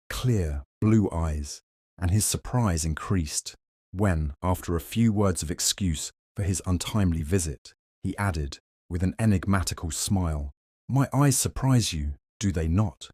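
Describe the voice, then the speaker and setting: Male narrator, very low voice, dry close sound, measured reading of a classic tale. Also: darkish tone, breathy edge, no echo. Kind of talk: reading a classic short story aloud.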